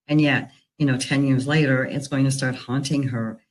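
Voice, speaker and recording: A woman working as a divorce recovery coach talks through a personal story in an earnest, unhurried way. Her delivery is conversational and reflective, with plenty of "you know" fillers. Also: extremely low pitch, fairly even intonation, rough recording.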